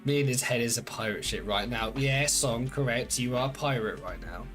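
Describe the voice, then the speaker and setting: A man's voice: medium pitch, normal speed, fairly bright tone, faint music behind. A man streaming a game, chatting casually with viewers in a playful, teasing, rambling way full of fillers and restarts.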